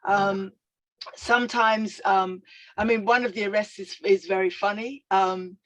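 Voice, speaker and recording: An older woman telling a personal story as a guest speaker, reflective and animated, with frequent fillers. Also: medium pitch, unhurried, poor audio.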